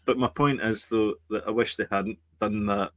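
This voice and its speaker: A man co-hosting a podcast, hesitant and halting as he talks about TV shows. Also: lowish voice, steady tone, dry recording. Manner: hesitant, fills with ums and restarts. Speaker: podcast co-host. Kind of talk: casual chat.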